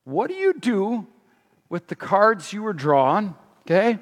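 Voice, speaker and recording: High-voiced middle-aged male pastor, echoing hall. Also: huge pitch swings, takes it slowly. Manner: conversational, asks the audience questions. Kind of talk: sermon. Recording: long hall reverb.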